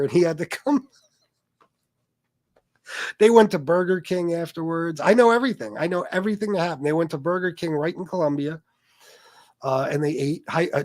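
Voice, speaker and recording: A man's voice: on the high side, darkish tone, dry recording. A man hosting a casual livestream, telling stories and talking in a blunt, profane way while answering his chat. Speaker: livestream host reading chat.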